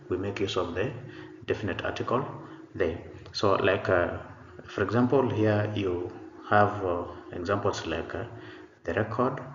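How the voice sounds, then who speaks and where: A man teaching an online English pronunciation lesson, explaining patiently and repeating himself, with many "uh" fillers. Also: low voice. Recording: echoey room, dull lo-fi sound, faint noise.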